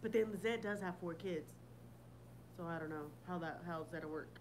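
Background noise surrounds this woman's fairly low-pitched voice as she talks at normal speed. Hosting a casual livestream, she responds to viewer comments bluntly and profanely, laughing often.

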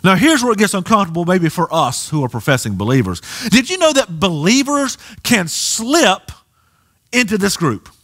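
A pastor with a Southern US accent preaching a sermon in a church, animated and rising to near shouts. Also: male voice, high-pitched, normal speed. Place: church sanctuary.

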